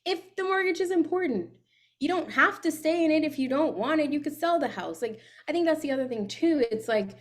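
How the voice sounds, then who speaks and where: A woman's voice: high voice, animated, fairly quick. A woman personal finance coach talks as an interview guest. Her advice comes across as frank, practical and emphatic, in an easy conversational way. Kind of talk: casual interview chat.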